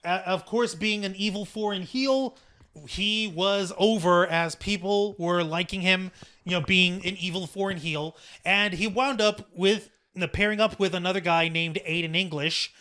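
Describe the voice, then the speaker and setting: A man's voice: high voice, moderate pace. A man co-hosting a podcast in a casual, sarcastic, swearing chat. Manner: animated, sarcastic, swears freely. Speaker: podcast co-host.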